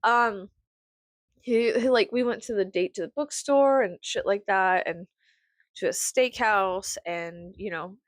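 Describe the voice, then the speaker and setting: A woman's voice: medium pitch, measured pace, dry recording, clean studio sound. A woman in her thirties venting to camera in a casual vlog, sarcastic and full of profanity. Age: 30s. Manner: profane, sarcastic, animated ranting. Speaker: vlogger.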